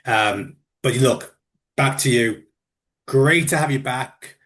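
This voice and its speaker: A man's voice: mid-range voice, slow pace, fairly bright tone. A man from the UK hosting a casual interview, chatty, often starting with "look" and "mate" and repeating words. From United Kingdom. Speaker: interview host.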